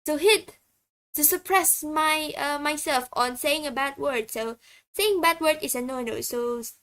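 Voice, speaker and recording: High, slow-talking woman. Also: a bit bright. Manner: halting, chatty. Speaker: streamer. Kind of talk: casual stream self-introduction.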